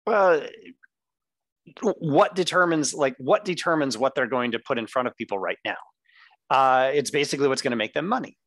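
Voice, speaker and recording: A man's voice: medium pitch, moderate pace, no room sound. A man co-hosting a podcast, arguing his points one by one in a casual debate. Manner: argues point by point, lively. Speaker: podcast co-host.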